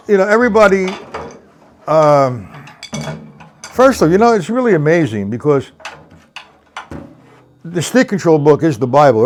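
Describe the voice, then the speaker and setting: In this live-streamed drum lesson, the instructor responds to chat using viewers' names and counts rhythms aloud while demonstrating. His voice sits on the high side and is a little mellow, with a slight hiss or hum in the audio.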